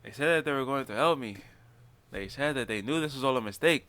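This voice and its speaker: A man reading aloud as a shaken, exhausted young man under arrest, speaking in a strained, halting way. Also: medium pitch, expressive, a bit bright, pitched above the performer's own voice, natural voice. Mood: distraught.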